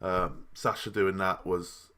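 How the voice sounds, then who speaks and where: A man's voice: low-pitched, steady tone, slow pace, bright, forceful tone, clear, resonant tone. A young man giving a casual, rambling review of a wrestling show. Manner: chatty and rambling, with restarts and asides.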